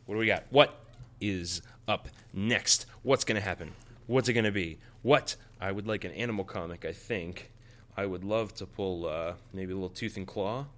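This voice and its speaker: A man hosting a podcast, reviewing a comic in a playful, excitable casual way. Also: low voice, moderate pace. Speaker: podcast host.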